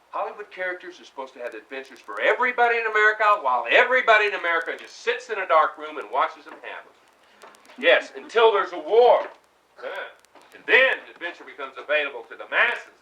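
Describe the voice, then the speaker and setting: A man's voice: fairly high pitch, pushed and bright, far from the mic, rough recording. An actor playing a restless young man who longs to leave home, talking intensely in bursts of feeling. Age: young adult. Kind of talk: stage play scene.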